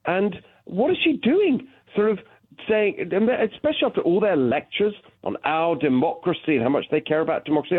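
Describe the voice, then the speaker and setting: A man with a British accent, a political candidate calling in to a radio show, animated and full of restarts. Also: a little high, fairly quick, slightly rough, dry recording. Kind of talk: phone-in radio interview. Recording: tinny phone line.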